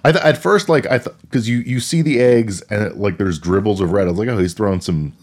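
A man's voice: fairly low pitch, fast talker, darkish tone. A man co-hosting a podcast, walking through a film's plot in a laid-back, wry way. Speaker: podcast co-host. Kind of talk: casual movie recap chat.

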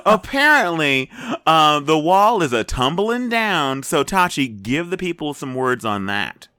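A man's voice: fairly high pitch, very animated, a little slow, sharp tone, smooth, no room sound, clean studio sound. A man co-hosting a casual podcast, playful and laughing often as he talks. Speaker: co-host.

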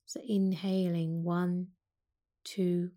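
A woman teaching yoga, speaking slowly and calmly as she guides a breath meditation. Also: lowish voice. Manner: slow, calm and soothing.

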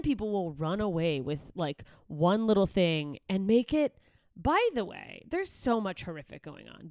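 A woman's voice: on the low side, clean tone, dry recording, studio quality. A young woman hosting a solo podcast, ranting profanely and sarcastically, slipping into mocking voices, a little congested. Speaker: podcast host.

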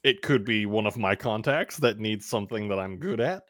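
A man's voice: normal speed, dry recording, studio quality. A man playing a tabletop role-playing game, playful and laughing often. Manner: playful, laughs often, voice jumps high when excited. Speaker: player.

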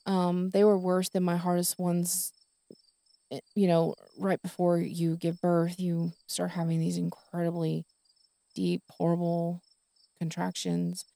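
A woman's voice: on the low side, completely flat delivery, measured pace, gravelly, mellow, dry recording. A middle-aged woman telling a personal story on a podcast, rambling with many fillers and restarts. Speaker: podcast host.

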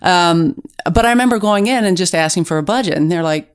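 A middle-aged woman journalist, a guest in an interview, telling stories in a lively casual way with restarts. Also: lowish voice, fairly quick, clean tone. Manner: animated storytelling with restarts.

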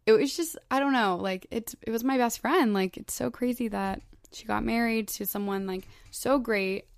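A woman's voice: fairly high pitch, normal speed, gravelly, no room sound. A young woman in her twenties hosting a solo podcast, chatting casually and gushing, with "like" in nearly every phrase. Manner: chatty, heavy use of "like", gushing. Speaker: podcast host.

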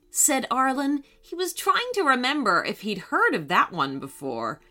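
A woman reading a children's story aloud in a gentle, expressive way. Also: high-pitched, unhurried, few pauses, soft background music.

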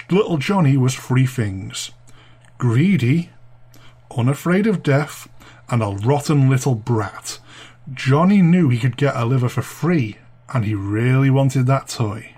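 A man's voice: mid-range voice, a little mellow. A man hosting a podcast, narrating a spooky childhood tale with a chatty, dryly amused manner. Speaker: podcast host and storyteller.

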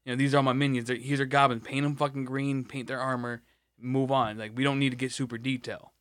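A man's voice: medium pitch, flat delivery, quick pace, a bit bright, no room sound. Profane rambling man, dry sound. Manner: rambling, profane, many restarts. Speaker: podcast co-host. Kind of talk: casual chat.

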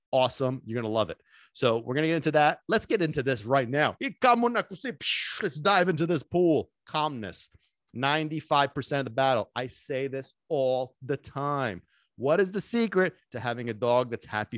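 An excitable, emphatic man hosts his own dog-training podcast, mixing in Sicilian phrases and the odd curse word. His voice sits at a middle pitch and sounds close and dry, with no room echo. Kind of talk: energetic solo podcast talk.

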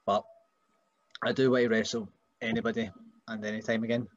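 A man's voice: fairly low pitch, fairly quick, lo-fi sound. A man with a Scottish accent, a wrestler guest in a casual chat, telling stories and putting on voices. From Scotland. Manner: animated storyteller, puts on voices.

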